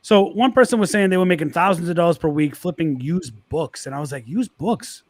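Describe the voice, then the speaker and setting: A man's voice: fairly high pitch, fast, no room sound. A man speaking as a guest on a livestream, telling a story casually and quoting his own past thoughts. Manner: storytelling with quoted asides.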